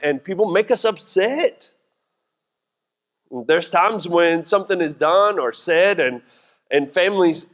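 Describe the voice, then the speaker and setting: Pastor guy, high voice, chatty jokey sermon, lots of church echo. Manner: conversational, jokey preaching with voiced asides. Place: church sanctuary. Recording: church hall reverb.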